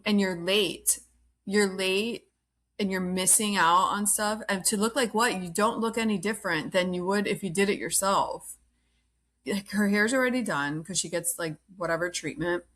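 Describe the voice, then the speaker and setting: Woman podcast host chatting casually, blunt and opinionated, says like a lot, mid pitch. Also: a bit bright. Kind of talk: casual reality TV recap.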